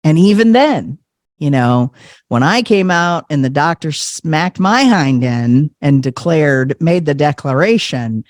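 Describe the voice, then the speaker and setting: Animated man telling a personal story. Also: on the high side, takes it slowly, dry recording, clean studio sound. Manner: animated, acts out voices, laughs often. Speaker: podcast guest. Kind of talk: personal storytelling in casual chat.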